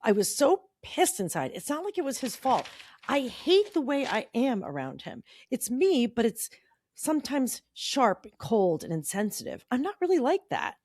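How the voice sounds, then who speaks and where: A middle-aged woman co-hosting a podcast, reading an old teenage journal aloud and acting out the quotes in a bright voice. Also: fairly high pitch, wildly swooping pitch, normal speed, dry recording. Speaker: podcast co-host.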